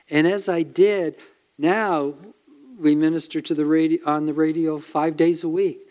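A male pastor preaching with earnest emphasis. His voice sits a little high for a man, and he leans on dramatic pauses to drive his points home. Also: steady tone, a little mellow. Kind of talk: sermon.

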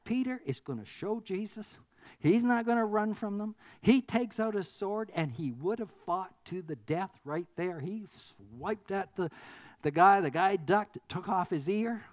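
An earnest preacher with a mid-pitched voice delivers a sermon. The delivery builds to emphatic, repeated declarations.

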